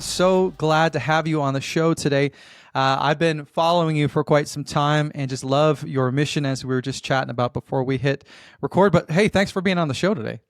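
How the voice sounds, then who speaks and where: A man's voice: on the high side, fairly quick, dry recording, faint music behind. Emphatic male podcast host. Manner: energetic, emphatic delivery. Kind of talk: scripted intro and interview.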